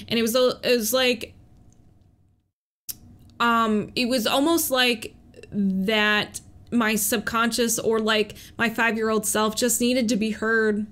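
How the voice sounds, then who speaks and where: A woman who works as a police officer, talking candidly about recovery, earnest, with laughs between thoughts and calming phrases she repeats. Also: fairly high pitch, slow. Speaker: police officer sharing her recovery story. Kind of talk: personal advice vlog.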